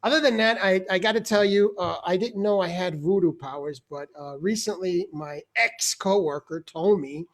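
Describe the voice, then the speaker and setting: A man hosting a video-call open mic, telling stand-up stories in a casual, animated way, laughing often and swearing freely. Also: high voice, normal speed, hardly any pauses. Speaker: host and stand-up comedian.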